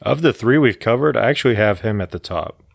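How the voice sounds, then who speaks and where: A man co-hosting a film podcast, first reading a plot summary in a steady, measured way, then chatting casually. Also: mid-range voice, creaky, no room sound, clean studio sound. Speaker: podcast co-host.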